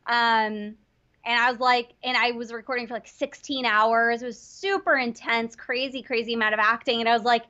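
A woman's voice: fairly high pitch, steady tone, moderate pace, bright, forceful tone, muffled recording. A young woman voice actor, a guest telling stories in a giggly, bubbly way during a casual interview.

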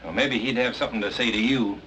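A man's voice: mid-range voice, quick pace, fairly bright tone, slight background noise, lightly acted, rough recording. An actor as a drawling young woodsman. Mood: needling. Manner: drawling, pressing hard. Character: determined young Southern woodsman. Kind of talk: 1940s film acting.

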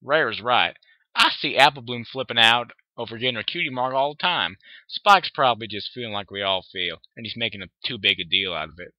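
A man's voice: mid-range voice, expressive, fairly quick, no echo, lightly acted. A man reading aloud, voicing a plainspoken, folksy farm pony mare, recorded dry and dull. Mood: assuring. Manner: folksy, assuring.

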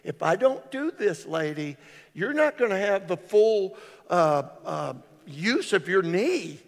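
A high-pitched, gravelly voice belongs to an older pastor preaching a little slowly. Recorded with hall reverb in a church sanctuary, he's an animated, joking storyteller who acts out characters' voices.

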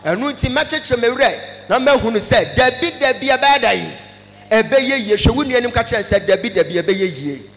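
A Ghanaian man preaching a sermon, animated, mixing Twi with English phrases and breaking into shouts. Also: very high-pitched, normal speed, big-room sound. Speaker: pastor.

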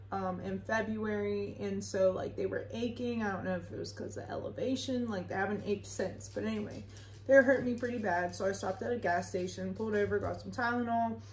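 A woman's voice: medium pitch, a little hiss or hum. A young woman telling a rambling, casual story with lots of fillers and frequent swearing. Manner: chatty, rambling, swears freely, filler-heavy. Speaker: vlogger. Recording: echoey room.

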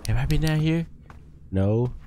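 A young man streaming a horror game, jumpy and excitable, talking in slang to his chat. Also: mid-range voice, unhurried, a little hiss or hum. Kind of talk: live horror gameplay commentary.

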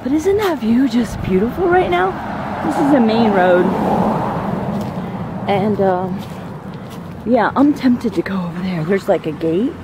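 A woman's voice: medium pitch, animated, unhurried, pauses often, heavy background noise. A woman chatting casually to a handheld camera while walking uphill on an outdoor neighborhood trail, a little out of breath and gushing about the views. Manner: chatty, rambling, easily awed. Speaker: vlogger. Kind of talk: casual walk-and-talk vlog. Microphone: handheld camera, at times turned away.

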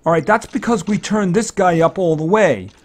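A man giving casual gameplay commentary, thinking aloud, excitable and fretting over each purchase. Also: sits high, moderate pace. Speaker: let's-play commentator.

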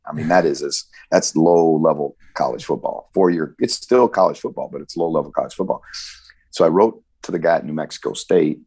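Very deep, gravelly, husky older man. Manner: animated anecdotal storytelling with frequent restarts. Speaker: football coach. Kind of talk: storytelling interview answer.

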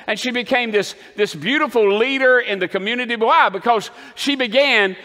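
High, bright-voiced preacher man in a reverberant church. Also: normal speed. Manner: rousing, calls for amens and builds to shouting. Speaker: pastor. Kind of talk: sermon. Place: church sanctuary.

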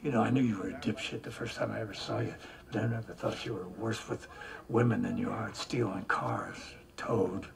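An actor playing a gruff, bigoted older war veteran who growls threats and insults. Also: male voice, fairly low pitch, steady tone, brisk, crowd noise. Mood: scornful. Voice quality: gravelly growl. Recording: film audio with loud music.

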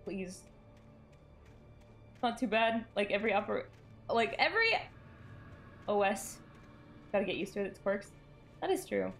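A woman's voice: mid-range voice, a little slow, gravelly, pauses often, faint music behind. A woman streaming a game live, chatting with her viewers and reacting in sudden bursts and laughter at a desk microphone. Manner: animated, jumpy reactions, bursts of shrieks and laughter.

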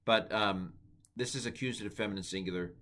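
A man giving a casual Bible Greek lesson, thinking aloud with many fillers and slowly repeating words to try out their pronunciation. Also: lowish voice. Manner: relaxed, thinking aloud with many ums and uhs. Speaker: Greek teacher. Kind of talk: informal Bible language lesson.

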